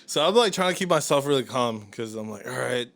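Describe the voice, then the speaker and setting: Guy telling a story to his buddy on a podcast, animated, cussing, acts out the calls, dry mic. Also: mid-range voice, fairly quick, gravelly, dry recording. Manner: animated, swears a lot, acts out phone calls. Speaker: podcast co-host. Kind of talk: casual storytelling chat.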